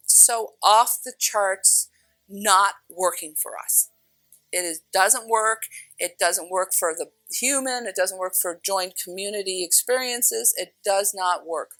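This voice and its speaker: A woman with a bright, clear voice gives a spiritual teaching talk, earnest and emphatic. She leans on repeated phrases to drive points home. The sound is dry and close, with faint music underneath. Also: medium pitch, no echo, rough recording.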